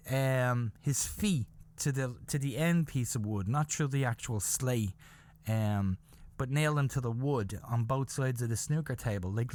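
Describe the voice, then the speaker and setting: An Irish man in his fifties hosting a podcast, telling a story in a rambling, animated way that keeps checking in with the listener. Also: mid-range voice. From Ireland. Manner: rambling, animated, peppered with "okay?" and "you know?". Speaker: podcast host. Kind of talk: casual anecdotal storytelling.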